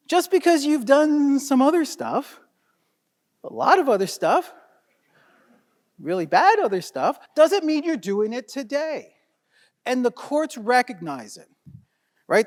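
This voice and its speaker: A man with a strikingly high voice lectures a room of fellow lawyers at a conference. He talks in a loose, conversational way, blunt and sometimes swearing, and keeps checking in with "right?". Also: big-room sound. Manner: lively and conversational, with frequent "right?" tag questions. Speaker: criminal defense lawyer presenting to peers. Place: conference room before an audience.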